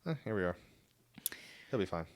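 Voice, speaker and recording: A man's voice: low-pitched, big pitch swings, moderate pace, no room sound. A young man co-hosting a podcast, teasing in dry, casual banter. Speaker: podcast co-host. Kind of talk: casual chat.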